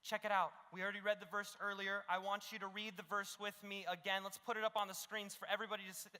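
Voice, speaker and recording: High, bright-voiced youth pastor. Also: male voice, quick pace, long reverb tail. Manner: animated and joking, acts out little scenes; keeps adding "okay?". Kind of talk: youth sermon.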